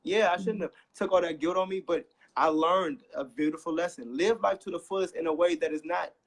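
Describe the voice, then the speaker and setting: A man's voice: fairly high pitch, brisk. A young man sharing a painful personal story on a talk show, earnest and close to tears, repeating himself for emphasis. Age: young adult. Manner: earnest, repeats phrases, voice rising when emphatic. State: holding back tears. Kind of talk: emotional personal testimony.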